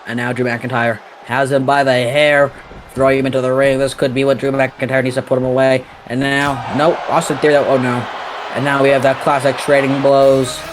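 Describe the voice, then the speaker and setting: A male play-by-play commentator calls a wrestling match at speed and jumps to shouts on the near falls. Steady background noise sits behind his voice. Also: medium pitch, normal speed.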